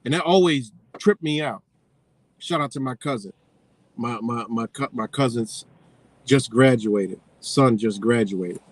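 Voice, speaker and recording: A man's voice: medium pitch, measured pace. A man ranting profanely in a casual livestream, rambling and losing his train of thought. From United States.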